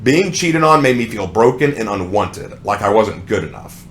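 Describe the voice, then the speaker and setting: A man's voice: fairly low pitch, sing-song, normal speed, a little hiss or hum. A young adult man ranting sarcastically as a song reviewer, with exasperated commentary.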